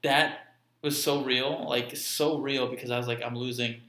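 A man's voice: mid-range voice, steady tone, moderate pace, bright, forceful tone. A young man sharing an emotional personal story in earnest, profane casual chat. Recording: echoey room.

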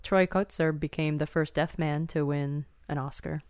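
A woman chats casually on a podcast, her voice a little low for a woman. She tells stories with excitable energy, and the sound is close and dry. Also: normal speed, clear, resonant tone, no echo. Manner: excitable, lively storyteller. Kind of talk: casual chat.

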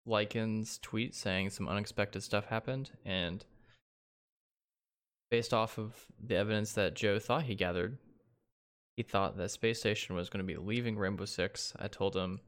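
Relaxed low-voiced man chatting casually. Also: unhurried, long pauses, clear, resonant tone. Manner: laid-back, laughs often, many ums and likes. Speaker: podcast co-host. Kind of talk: casual esports podcast chat.

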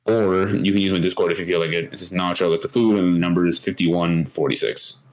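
A man's voice: low-pitched, quick pace, rough recording. A man co-hosting a podcast, chatting in a playful, laughing way. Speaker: podcast co-host. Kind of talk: casual podcast chat.

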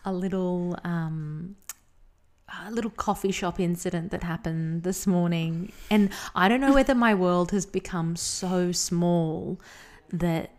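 A woman co-hosting a podcast, chatting casually and telling an animated story with frequent laughs. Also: on the low side, measured pace. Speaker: podcast co-host. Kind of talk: casual chat.

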